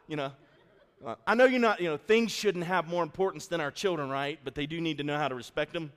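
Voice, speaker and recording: A middle-aged man preaching a sermon in a church, telling an animated, folksy story before softening into an earnest appeal. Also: a little high, quick pace. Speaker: pastor. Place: church sanctuary. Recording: long reverb of a church hall.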